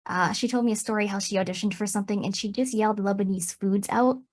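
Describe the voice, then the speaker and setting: A woman voice actor on a panel, telling an anecdote in an animated way and laughing along. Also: mid-range voice, fast talker, very noisy. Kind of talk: panel discussion, storytelling.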